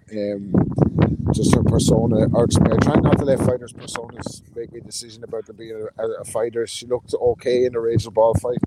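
A man with a mid-range voice co-hosting a boxing podcast. He gives blunt, casual opinions with sweary banter, and a clear noisy hiss sits under his voice. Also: mid-range voice. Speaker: podcast co-host. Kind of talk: casual chat. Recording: noisy line.

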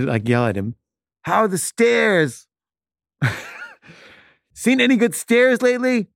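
A man's voice: medium pitch, mellow, dry recording, studio quality. A man telling a casual, self-mocking anecdote in a chatty way. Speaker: storyteller.

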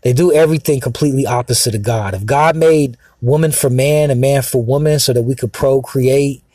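A man's voice: medium pitch, brisk, dark tone, dry recording. A man ranting in a rambling, profane, agitated monologue with many fillers. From Mexican heritage. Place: outdoors, sitting in a car.

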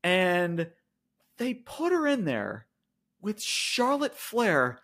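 A man with a high, very animated voice rants as a podcast co-host in casual, profane chat. His talk is exasperated and full of "like," with plenty of restarts. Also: extremely slow. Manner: frequent fillers and restarts like "like". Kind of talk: casual wrestling review chat.

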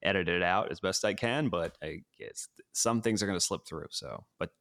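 A man's voice: low voice, moderate pace, a bit bright, dry recording, clean studio sound. A man co-hosting a casual sports podcast from his living room, rambling and hedging with lots of fillers. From New York City. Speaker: podcast co-host.

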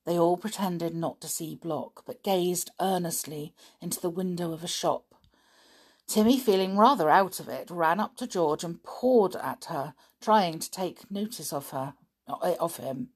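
A woman narrating a children's storybook in an expressive, lively way. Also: lowish voice, measured pace, husky. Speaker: audiobook narrator.

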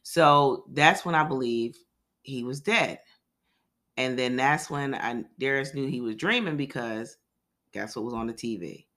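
A man's voice: medium pitch, measured pace, bright, forceful tone. A man co-hosting a podcast, casually recapping a TV episode in a chatty, loose, profane way. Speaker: podcast co-host.

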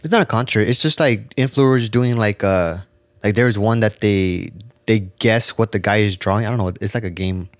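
A man co-hosting a podcast, telling stories in a relaxed, profane casual chat. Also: on the low side, moderate pace, no room sound. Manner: laid-back, swears a lot, tells stories. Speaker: podcast co-host.

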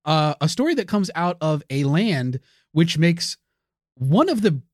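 A man's voice: on the high side, sing-song, a little slow, no room sound, clean studio sound. Podcast host guy, laughs a lot, gets really into it, voice all over the place. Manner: enthusiastic storyteller, laughs often. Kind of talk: casual comedic banter.

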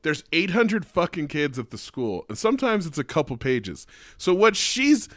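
A man's voice: on the high side, very animated, normal speed, fairly bright tone, no echo, clean studio sound. Young man ranting, profanity-laced. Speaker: teacher and podcast co-host. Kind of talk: casual podcast rant.

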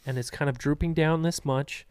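A man's voice: on the high side, steady tone, moderate pace, a little mellow, clean tone, no echo, studio quality. A man narrating a tabletop game as game master, rambling with many hesitations and frequent laughs.

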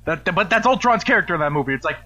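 A man with a fairly high voice that swings all over the place as he hosts a loose chat show. He swears freely and laughs a lot. The recording sounds dull and lo-fi. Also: animated, rapid-fire, sharp tone. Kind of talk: casual chat.

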